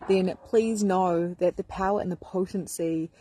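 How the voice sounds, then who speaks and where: A woman's voice: on the low side, fairly even intonation, measured pace, mellow, slight background noise. A woman spiritual coach on a casual, effusive live stream who talks straight to her viewers, greets commenters by name and swears freely. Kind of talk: live-streamed motivational talk.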